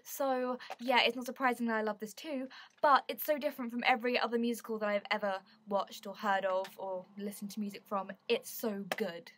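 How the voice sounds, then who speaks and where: Young British woman vlogger, excitable and effusive, bright voice on the high side. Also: brisk. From Britain. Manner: excitable, gushing, bursts into song. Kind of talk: casual chat to camera.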